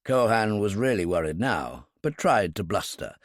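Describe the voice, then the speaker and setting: A male audiobook narrator telling a thriller in a measured way, his pitch moving lively up and down. The recording is close and dry, with no room around it. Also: no echo. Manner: measured storytelling.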